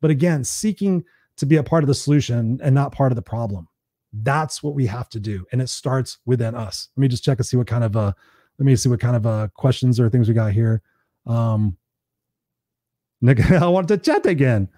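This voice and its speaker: Guy doing a motivational live stream, blunt and sweary, warm mellow tone, pretty dry sound. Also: medium pitch, normal speed, no room sound. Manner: blunt, swears freely, preachy and conversational.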